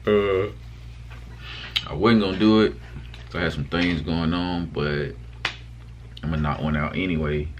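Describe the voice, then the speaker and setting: A man's voice: rumbling low, fairly even intonation, unhurried, pauses often, slight background noise. A young man chatting casually to his viewers in a vlog, rambling loosely with lots of fillers and restarts. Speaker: vlogger. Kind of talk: casual mukbang chat to camera.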